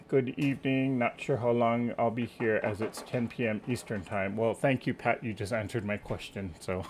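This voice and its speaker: A man's voice: mid-range voice, slight background noise. A man hosting a quilting live stream from home, chatting casually, greeting viewers by name and sometimes losing his train of thought. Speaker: quilting livestream host.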